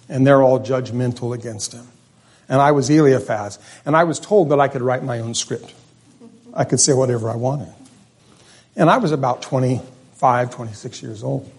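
A middle-aged man preaching a sermon, telling stories in a loose, conversational way that is often animated and often corrects itself. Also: mid-range voice, husky.

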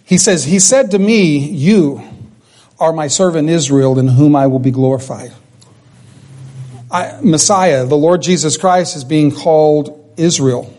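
A pastor preaches a sermon with animation, putting rhetorical questions to the congregation as his voice climbs and drops. He speaks a little slowly in a voice that's a little high.

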